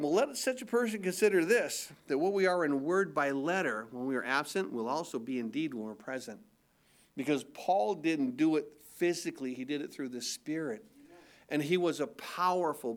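An older man preaching a sermon as pastor, in a conversational style that stumbles and repeats words, sometimes breaking into mock-incredulous voices for emphasis. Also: high voice. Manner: conversational preaching with repetitions and restarts.

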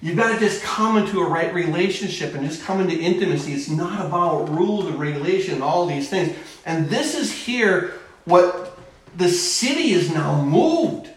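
Male pastor, high voice, mid-sermon, mic distant, heavy church reverb. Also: lively intonation, normal speed, slight background noise. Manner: preaching with sudden swings in speed and volume. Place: church sanctuary. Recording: very echoey church hall from far off.

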